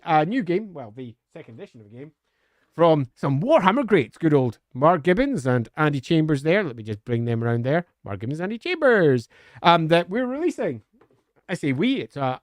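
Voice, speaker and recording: A man's voice: on the high side, dry recording, studio quality. A man on a live stream answering viewer questions in a chatty, upbeat way, with frequent hesitant fillers.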